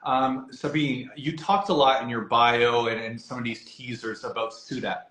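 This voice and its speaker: A man's voice: mid-range voice, steady tone, normal speed, a bit bright. A man hosting a casual video-call interview, rambling through his questions with fillers and apologies. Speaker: interviewer for an epilepsy alliance. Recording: echoey room, faint background noise.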